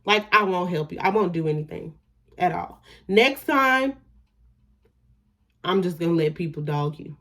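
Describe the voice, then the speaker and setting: A woman's voice: lowish voice, expressive, a little slow, pauses often, sharp tone. Young woman ranting through a storytime. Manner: indignant, emphatic, profane, trails off into "da, da, da". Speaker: storytime vlogger. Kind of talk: casual storytime vlog.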